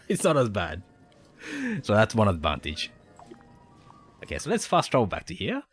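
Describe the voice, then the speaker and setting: A man's voice: lowish voice, wildly swooping pitch, unhurried, husky. A man streaming a game, chatting casually with a mixed Spanish and Australian accent, a native Spanish speaker who rambles and chuckles often. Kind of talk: casual live-stream chat. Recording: faint game music behind.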